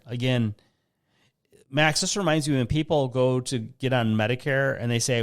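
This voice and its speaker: A man's voice: medium pitch, steady tone, moderate pace. A middle-aged man hosting a retirement podcast, explaining in a casual, conversational way with everyday comparisons.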